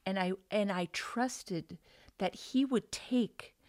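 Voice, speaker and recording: A woman in her thirties or forties sharing an emotional faith testimony, earnest and sometimes hushed. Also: mid-range voice, slow. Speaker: guest sharing her story.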